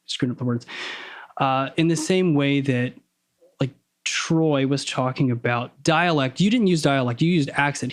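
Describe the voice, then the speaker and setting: A man talking as a podcast guest, over-enunciating his words on purpose and stopping to correct himself as he probes ideas. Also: medium pitch. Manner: deliberately crisp, over-enunciated diction; analytical, probing, self-correcting. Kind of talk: casual conversation.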